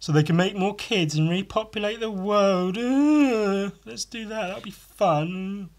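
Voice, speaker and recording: A man with a high voice hosts a solo podcast while drawing, speaking unhurriedly. He rambles with profane, self-mocking humor, restarting often and wandering into many asides.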